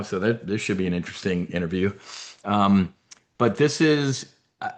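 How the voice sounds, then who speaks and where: A man's voice: fairly low pitch, normal speed. A man from New Jersey and South Philadelphia hosting a trading members brief, giving blunt, profane, heated off-the-cuff commentary. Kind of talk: casual unscripted commentary.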